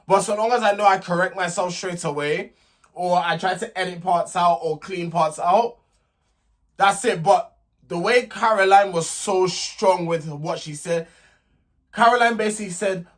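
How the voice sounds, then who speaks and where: A young man with a high, light voice rants through a casual reality TV recap. He is sassy and indignant, often stumbling over and repeating his words as he goes. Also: fairly bright tone. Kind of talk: casual vlog commentary.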